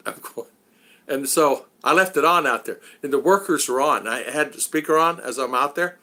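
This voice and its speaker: A man's voice: a little high, normal speed, pushed and bright. A man hosting a casual live stream, rambling and chuckling, with many fillers.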